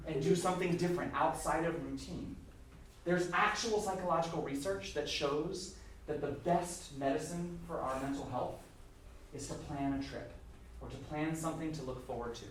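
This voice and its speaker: An energetic man with a fairly high voice coaches a choir, joking and breaking into big praise. He sounds far from the mic in a very echoey hall, with choir and piano music around him. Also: slight background noise. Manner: sings short demonstration phrases. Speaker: choir clinician. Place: large rehearsal hall or auditorium.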